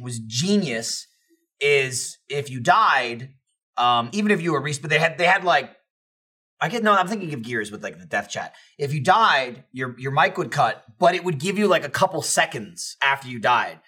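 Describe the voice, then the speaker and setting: A man in a casual podcast chat, telling loud, profane gaming stories and acting out shouted bits of trash talk. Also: medium pitch, expressive, normal speed, slightly rough, far from the mic. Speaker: podcast regular.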